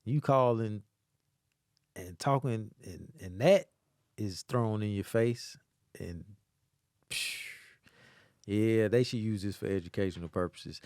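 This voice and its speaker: A man co-hosting a podcast, chatting casually and telling stories with lots of drawn-out "man". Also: on the low side, dry recording, studio quality. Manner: animated storyteller, drawn-out "man". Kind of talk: casual chat.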